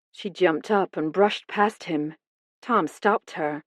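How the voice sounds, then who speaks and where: A woman narrating a mystery audiobook in the first person, with clear, even storytelling. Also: fairly low pitch, slow pace, no room sound.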